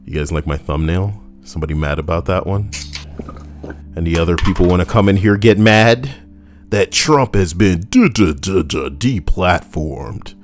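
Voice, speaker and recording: A young man with a deep voice hosts a casual commentary video at a moderate pace, soft music underneath. He meanders, curses, jokes, and sometimes bickers with himself.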